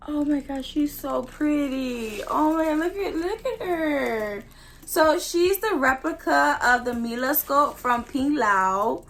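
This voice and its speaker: A young woman vlogging an unboxing in a casual, gushing way, full of excited exclamations. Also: sits high, slow pace, creaky, slight background noise, rough recording. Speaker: doll collector vlogger.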